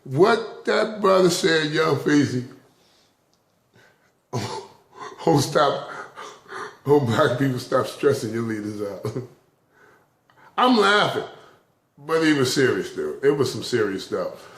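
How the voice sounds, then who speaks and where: A man's voice: medium pitch, lively intonation, slow pace, pauses often. A man giving a rambling, casual spiritual talk to camera, chuckling often between phrases. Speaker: vlogger. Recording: roomy echo.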